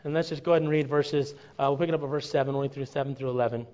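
A man preaching a sermon to his congregation, earnest and building to impassioned, drawn-out emphasis. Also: mid-range voice, steady tone, a little mellow, muffled recording. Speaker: pastor.

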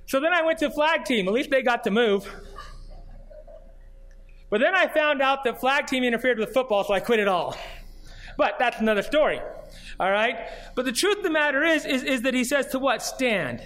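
High-voiced man preaching a sermon. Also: lively intonation, normal speed, pauses often, fairly bright tone. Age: adult, grew up and did junior high marching band. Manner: earnest preaching, reads scripture aloud, builds to emphatic repeated questions. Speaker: pastor.

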